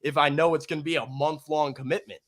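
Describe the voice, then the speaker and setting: A man's voice: on the high side, fairly even intonation, quick pace, fairly bright tone. A young man co-hosting a sports podcast, chatting in an easygoing, rambling way. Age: young adult. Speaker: podcast co-host. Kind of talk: casual chat.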